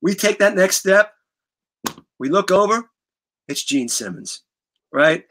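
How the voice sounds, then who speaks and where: A middle-aged man telling a story on a talk show guest spot, animated and vivid, swearing freely and acting out scenes. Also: sits high, slow pace. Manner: vivid, profane, acts out scenes. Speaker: guest musician.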